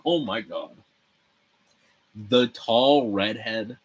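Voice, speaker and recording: A man's voice: on the low side, unhurried, a little hiss or hum. A young man hosting a casual livestream, rambling and swearing freely while he builds a set. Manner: animated, rambling, swears freely, laughs often. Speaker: livestream host. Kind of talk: casual livestream chat with viewers.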